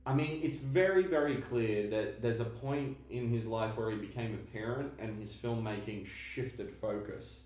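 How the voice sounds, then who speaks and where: Measured analytical man, echoey room. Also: medium pitch, a little mellow. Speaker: podcast co-host. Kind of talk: casual film discussion.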